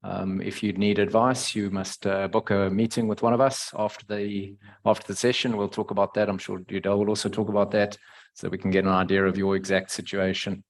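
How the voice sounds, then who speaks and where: A man's voice: fairly low pitch, flat delivery. South African man hosting a webinar. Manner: hesitant, many pauses. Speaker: webinar host. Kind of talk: webinar moderation.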